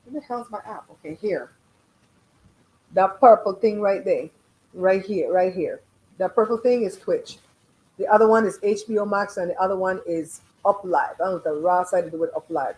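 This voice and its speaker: A woman's voice: medium pitch, moderate pace, a little mellow, low-quality recording. Belizean woman, middle-aged, blunt and chatty host reading out her live chat. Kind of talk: casual live-stream chat.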